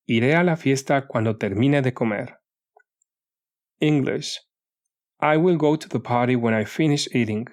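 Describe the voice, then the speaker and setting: A man narrating a language lesson audiobook, reading paired example phrases in a measured way. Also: mid-range voice.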